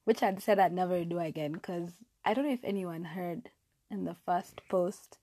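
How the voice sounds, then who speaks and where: This young podcast host has a lowish, mellow voice and talks at a moderate pace, recorded dry. Alone in her bedroom, she chats casually and pokes fun at herself, often restarting and using fillers, with a lapel mic clipped to her hair.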